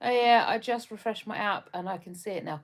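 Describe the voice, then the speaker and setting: Hosting a casual live stream, a young woman from just outside London talks fairly quickly in a mid-range voice. She rambles while reading out viewer comments, full of ums and restarts.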